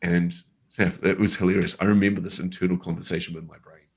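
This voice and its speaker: A man with a low, deep voice tells a personal story in a relaxed conversation. He is an animated storyteller and acts out the dialogue he remembers. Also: fast talker, vocal fry, hardly any pauses. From New Zealand. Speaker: guest.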